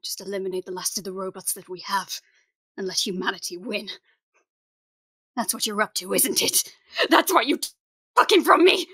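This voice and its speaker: A woman's voice: mid-range voice, level tone, normal speed, pauses often, sharp tone, husky. A woman voicing a grieving character who accuses the doctor, in an amateur online audio drama, emotional and pointed. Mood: bitter.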